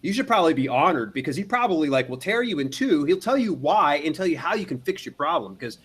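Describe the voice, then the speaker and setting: A man with a somewhat high voice co-hosts a casual business podcast. He talks at length, circling back and restarting his sentences, and slips in playful asides as he goes. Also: very animated, fast talker, a bit bright, husky. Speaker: podcast co-host.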